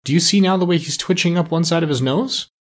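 A man voicing a proud, bossy female parrot who talks in a high, chirpy way. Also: fast talker, lightly acted. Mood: lecturing.

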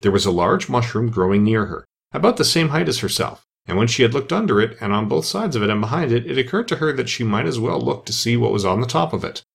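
A man narrating a children's storybook with expressive, lively delivery. His voice is gravelly and husky, and his pitch swings widely. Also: fast talker, few pauses. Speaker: audiobook narrator.

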